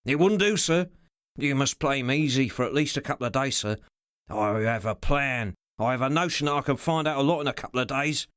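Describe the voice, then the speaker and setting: A man voicing a rough, scheming male henchman who talks coarsely and in loud bursts. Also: medium pitch, animated, brisk, dry recording, studio quality, close to an everyday voice. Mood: anxious.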